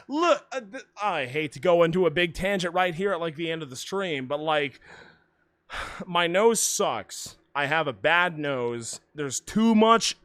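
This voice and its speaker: A man's voice: fairly high pitch, fairly bright tone, no echo. Nasal, whiny-voiced man streaming. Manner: rambling, self-interrupting, swears casually. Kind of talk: casual live-stream commentary.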